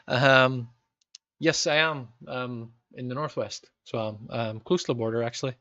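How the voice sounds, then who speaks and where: Northern Irish streamer, thirties, rambling with lots of ums, dry dull-sounding mic. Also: male voice, mid-range voice, measured pace, bright, forceful tone, dry recording. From Northern Ireland. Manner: rambling, frequent ums, reacts to match events. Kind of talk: live gameplay commentary with chat.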